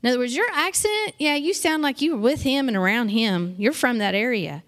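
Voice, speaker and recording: A middle-aged woman leading an informal Bible teaching, reading scripture aloud and then explaining it in plain conversational talk with quick acted asides. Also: a little high, animated, a bit bright.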